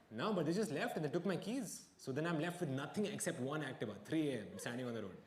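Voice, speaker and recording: A man's voice: fairly high pitch, expressive, fast talker, hardly any pauses, reverberant, a loud crowd. A male stand-up comedian telling a story in a dry, self-mocking way at a live comedy venue, with audience laughter.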